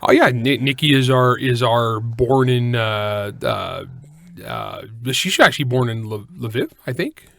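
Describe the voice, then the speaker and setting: A man's voice: mid-range voice, a little slow, fairly bright tone. A man from California co-hosting a podcast, chatting casually in a rambling way with joking asides and frequent self-corrections. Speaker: podcast co-host. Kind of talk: casual chat.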